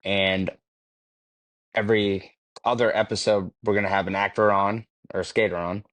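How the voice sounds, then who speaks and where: Low-voiced man telling a wild story. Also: little pitch movement, normal speed, fairly bright tone, dry recording. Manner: swears freely, laughs through his stories. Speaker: podcast guest. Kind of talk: casual storytelling. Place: podcast studio.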